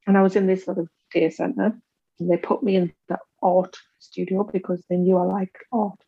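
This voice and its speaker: A woman in her forties, an interview guest candidly telling her life story and acting out the voices of others with big pitch jumps. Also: little pitch movement, moderate pace, mellow, husky, dry recording, highs cut off.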